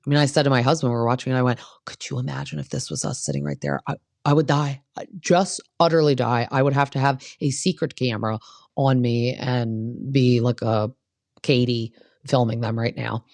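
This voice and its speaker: A woman's voice: a bass voice, a little fast, a little mellow, dry recording, clean studio sound. A woman hosting a casual gossip recap of reality TV, blunt and opinionated, who swears freely.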